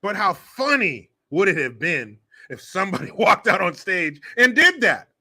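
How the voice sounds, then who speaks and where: A man hosting a political commentary show, sarcastic and animated, often laughing and swearing. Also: high voice, moderate pace, a little hiss or hum. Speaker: host.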